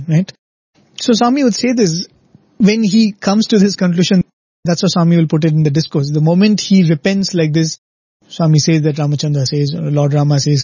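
A man gives an earnest spiritual talk, his slightly high voice mellow and a little husky. He explains step by step and often checks in with the listener. The recording sounds dull and lo-fi, with a dry, close sound. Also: steady tone, normal speed, dry recording. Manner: earnest, explanatory, often ends points with "right?". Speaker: devotional speaker.

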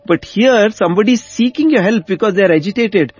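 A man's voice: high voice, animated, fairly quick, darkish tone, husky, muffled recording. A man telling a devotional story in conversation, acting out the lines of the people in it. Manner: acts out dialogue with shifts in voice. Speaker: storyteller guest.

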